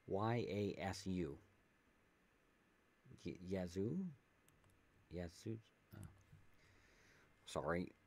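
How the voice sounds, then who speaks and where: Speaking in a lowish, slightly mellow voice, a man chats casually while streaming a video game. He reads the game's text aloud and tosses in jokes, using a desk USB mic with a pop filter.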